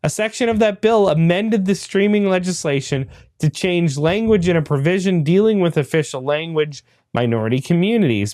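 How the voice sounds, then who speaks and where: A man's voice: high voice, normal speed, few pauses, a little mellow, dry recording. A man hosting a podcast, reading a news article aloud and breaking off for dry, laughing asides. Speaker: podcast host.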